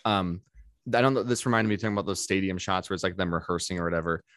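A lower-pitched man talks through his thoughts in a relaxed podcast chat, often circling back and restarting sentences. The sound is close and dry, with no room around it. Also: rapid-fire, no echo. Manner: chatty, full of fillers and restarts, quotes others in put-on voices. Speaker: podcast co-host. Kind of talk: casual chat.

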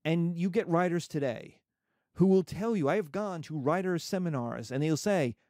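A man in his fifties giving a classroom lecture, animated and jokey, with digressions along the way. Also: fairly high pitch, normal speed, no echo, studio quality. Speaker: teacher.

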